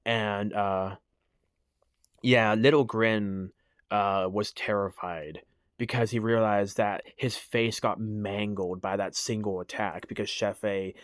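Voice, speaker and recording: Low-voiced man rambling through his story. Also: steady tone, slow pace. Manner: hesitant, full of restarts and fillers. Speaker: creator telling his character lore. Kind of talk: casual rambling explanation.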